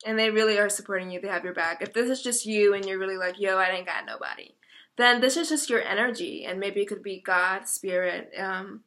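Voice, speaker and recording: Young woman tarot reader, bright, crisp tone, casual and chatty, emotional, stops herself mid-sentence. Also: mid-range voice, fairly quick. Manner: chatty, self-interrupting, emotional. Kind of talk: casual tarot reading video.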